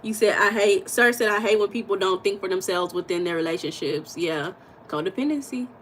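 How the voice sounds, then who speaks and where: Blunt, animated American woman streaming. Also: mid-range voice, brisk, slight background noise, poor audio. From United States. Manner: blunt, animated, swears, drops into emphatic bursts. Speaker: livestream host. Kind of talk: casual livestream chat reading viewer comments.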